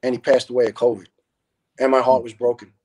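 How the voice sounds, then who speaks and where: A middle-aged man tells stories as a podcast guest. His voice sits at an ordinary middle pitch, and he swears freely as he acts out the back-and-forth of old arguments. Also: fast talker, breathy edge. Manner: animated, profane storyteller who acts out dialogue. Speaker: podcast guest, retired fire lieutenant. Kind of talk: casual storytelling.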